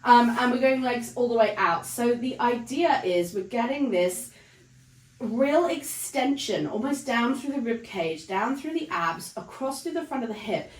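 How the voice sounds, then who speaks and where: A woman leading a Pilates class, calmly talking through the moves while she demonstrates them. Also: a little high, unhurried, roomy sound, poor audio. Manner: calm counting of breaths while demonstrating. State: breathless, counts fading to breathy whispers during exertion. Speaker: Pilates instructor. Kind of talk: guided exercise instruction.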